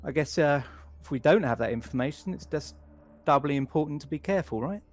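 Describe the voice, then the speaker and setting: A man's voice: on the high side, lively intonation, a little fast, pitched above the performer's own voice. A man playing a chatty, sociable crewman. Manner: upbeat and sociable. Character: chatty friendly male crew member.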